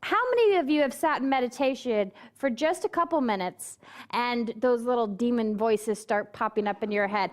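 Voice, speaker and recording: A woman's voice: on the high side, moderate pace. A woman minister preaching a sermon, telling a story and putting on quoted voices, and asking the congregation questions directly.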